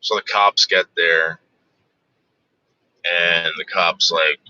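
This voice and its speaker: The voice is low-pitched, bright, and forceful, with a steady tone and slow delivery, as a man relates a profane, casual story that keeps interrupting itself and doubling back. It's a dull, dry, lo-fi recording.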